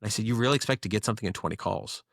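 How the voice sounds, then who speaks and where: A man, a guest business owner, telling stories in a casual interview with quick, animated delivery and frequent restarts. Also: on the low side, creaky, no room sound, studio quality.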